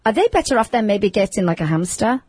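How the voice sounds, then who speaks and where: A woman's voice: mid-range voice, big pitch swings, fast talker, a little mellow, husky, no echo. A woman hosting a casual radio chat, chatty and teasing, in a radio studio. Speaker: radio host.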